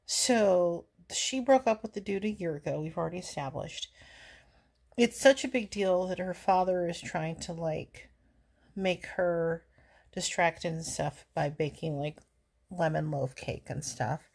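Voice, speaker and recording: A woman's voice: lowish voice, unhurried, a little mellow, husky. A woman in her forties rambling sarcastically in a casual chat while reacting to a movie, a little out of breath from walking. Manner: chatty, sarcastic, easily amused.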